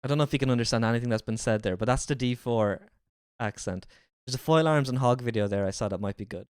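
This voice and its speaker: A man's voice: mid-range voice, fast talker, a little mellow, smooth, no echo, studio quality. A man with a light Irish accent chatting casually and jokingly as a streamer. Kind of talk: casual live-stream reaction chat.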